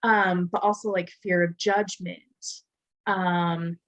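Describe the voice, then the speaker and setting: A woman's voice: lowish voice, little pitch movement, slow, fairly bright tone, poor audio. A young woman co-hosting a podcast in casual chat, talking loosely with lots of fillers. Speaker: podcast co-host.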